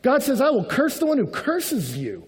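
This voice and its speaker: A man preaching a sermon in a conversational, animated way, acting out the voices he quotes with humor. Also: very high-pitched, normal speed. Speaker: pastor. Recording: long hall reverb.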